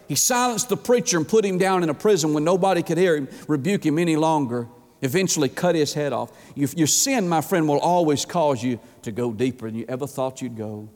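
A male pastor preaching a sermon, swinging from high, urgent pleas to hushed low tones and stammering when fired up. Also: expressive, fairly quick. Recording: long reverb of a church hall.

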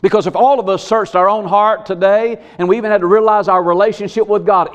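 Guy preaching, kinda high voice, slows way down on scripture then gets loud asking questions. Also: steady tone. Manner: preaching with rising emphatic questions and slow scripture reading. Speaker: pastor. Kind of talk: sermon.

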